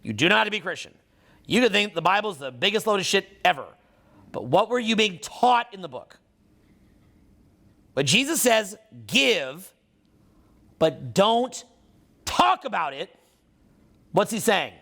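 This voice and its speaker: A man's voice: sits high, very animated, measured pace, gravelly, pauses often, bright, forceful tone. A man giving a live seminar talk as a social skills coach, swearing freely, speaking with emphasis and firing questions at the room. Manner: profane, emphatic, quizzes the audience.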